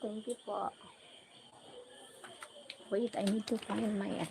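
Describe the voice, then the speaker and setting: Slow, gravelly Filipina livestream host. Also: female voice, medium pitch, level tone, heavy background noise. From Philippines. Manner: slow, unhurried greetings and thanks to viewers. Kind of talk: casual livestream chat reading comments.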